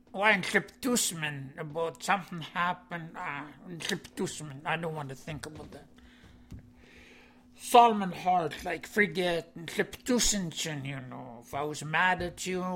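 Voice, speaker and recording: A man teaching vocabulary. He says each word, then explains its meaning in plain, halting English with many "you know"s. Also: on the high side, fairly bright tone. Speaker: language teacher.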